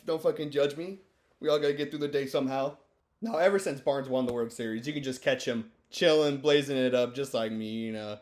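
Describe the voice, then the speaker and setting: A man's voice: mid-range voice, a little fast, darkish tone. A stoned man giving rambling, joking, profane commentary over sports clips. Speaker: video host.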